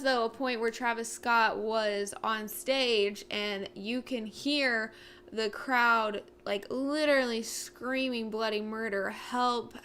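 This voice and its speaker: A woman's voice: a little high, pushed and bright, slight background noise. A young woman co-hosting a casual talk show, speaking earnestly and with many fillers. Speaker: co-host. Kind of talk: casual chat.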